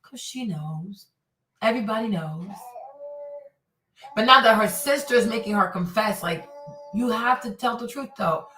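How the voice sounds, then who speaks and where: A woman's voice: fairly high pitch, expressive, unhurried, pauses often, pushed and bright. A woman hosting casual reaction commentary. She talks straight to her viewers and acts out what the people she discusses say. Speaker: commentary host. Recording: roomy and slightly distant.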